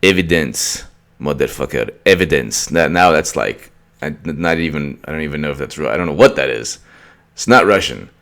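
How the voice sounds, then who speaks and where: A deep, low-pitched man delivering an opinionated political rant. He mocks his targets, repeats himself and restarts his sentences as he goes. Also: a little fast, gravelly, a bit bright. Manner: ranting, mocking, repetitive restarts. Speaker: political commentator.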